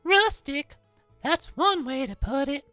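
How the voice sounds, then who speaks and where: A man voicing a blunt, snarky young woman in a high falsetto. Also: lively intonation, takes it slowly, sharp tone, no echo, faint music behind, full character voice.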